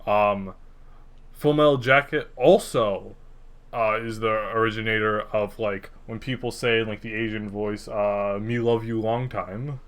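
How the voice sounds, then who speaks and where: A man's voice: fairly low pitch, steady tone, a little slow, fairly bright tone, clear, resonant tone. A young man co-hosting a podcast in a casual, rambling chat, cursing freely. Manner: rambling, laid-back, swears freely. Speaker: podcast co-host.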